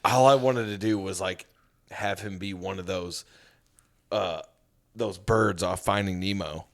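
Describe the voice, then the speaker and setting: A man's voice: low-pitched, measured pace. A young married man co-hosting a podcast, chatting casually and telling stories with some swearing. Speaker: podcast co-host. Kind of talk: casual chat.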